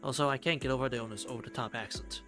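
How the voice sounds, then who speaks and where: A man's voice: medium pitch, very fast. A man live-streaming a game, reading its text aloud and chatting, swearing freely. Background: game music.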